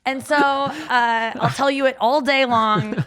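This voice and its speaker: A woman's voice: sits high, fairly even intonation, measured pace, crowd noise. A woman comedian chatting as a guest on a studio podcast, telling a story with lots of fillers and laughs. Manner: rambling, filler-heavy storytelling with frequent laughs. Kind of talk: casual podcast chat.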